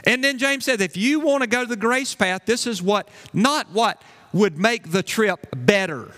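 A man's voice: high voice, lively intonation, normal speed, bright, forceful tone. A male pastor preaching a sermon, emphatic, repeating key phrases and asking his congregation questions. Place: church sanctuary. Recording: long hall reverb.

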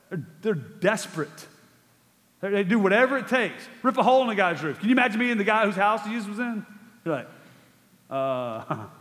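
A male pastor delivers a sermon in a casual, conversational manner, full of rhetorical questions and repeated words. His voice sits high for a man. It rings out with a long reverb, as if in a large church hall. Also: a bit bright.

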